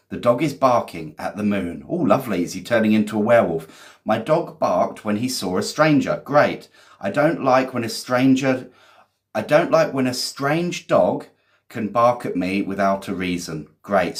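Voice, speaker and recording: A man teaching vocabulary in a live lesson, reading out viewers' sentences, praising them and cracking cheesy jokes. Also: fairly low pitch. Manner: chatty and encouraging, quick praise, cheesy jokes. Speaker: English teacher.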